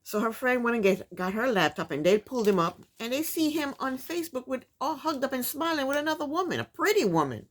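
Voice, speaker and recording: A woman's voice: sits high, big pitch swings, fairly quick, hardly any pauses. A woman casually recapping a reality TV episode, chatty and opinionated, talking back at the people on the show.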